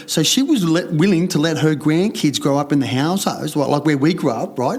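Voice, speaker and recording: A man's voice: a little high, animated, moderate pace, hardly any pauses, darkish tone, husky. A middle-aged Australian man, a podcast guest, telling a story in a rambling, fired-up way, swearing heavily and acting out other people's lines. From Sydney, Australia. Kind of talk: candid storytelling in conversation.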